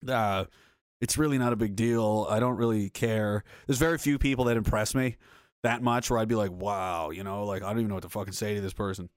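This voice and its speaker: A man's voice: on the low side, fairly even intonation, fast, dry recording, clean studio sound. A man livestreaming and reading his chat, telling rambling stories in a blunt, crude, profane rant. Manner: rambling storyteller.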